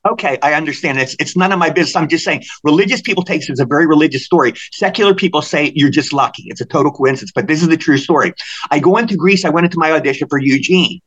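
An older man from Maryland, a podcast guest telling animated anecdotes and acting out the voices of people in them. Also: on the high side, racing, lo-fi sound. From Maryland, USA. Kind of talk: storytelling in a podcast interview.

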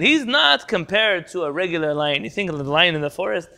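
Bright, gravelly-voiced man teaching a class. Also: high-pitched, lively intonation, fairly quick, hardly any pauses. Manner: explains Hebrew terms, quizzes the class, jumps around. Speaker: Torah teacher. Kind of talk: online Talmud class. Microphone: video call.

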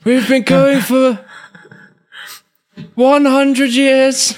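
Elderly care-home gent, confused and quavering, pitched high and slow, put on by a man. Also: flat delivery, full character voice. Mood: doddery.

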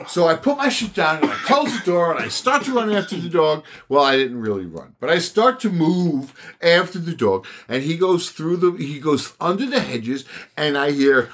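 An older man on a podcast, telling stories in a casual, animated way, swearing and laughing often. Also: a little high, moderate pace, a little hiss or hum. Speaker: podcast host. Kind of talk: casual chat.

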